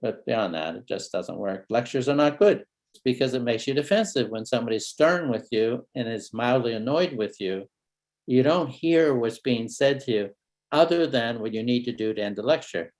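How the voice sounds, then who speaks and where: A man, a family therapist, gives a parenting training talk in a relaxed storytelling manner, acting out short exchanges and pausing to build suspense. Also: mid-range voice. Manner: relaxed storytelling with role-played dialogue.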